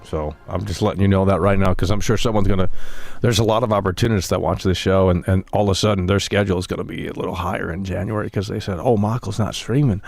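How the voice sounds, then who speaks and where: Low-voiced ranting male streamer. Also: steady tone, fast, creaky, darkish tone, soft background music. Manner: ranting, profane, blunt. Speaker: game streamer. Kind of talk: live stream chat.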